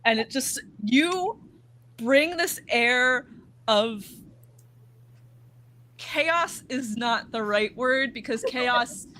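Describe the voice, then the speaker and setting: A woman player warmly praising fellow players in casual, effusive chat with casual swearing. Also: a little high, expressive, drawn-out words, pauses often. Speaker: tabletop game player.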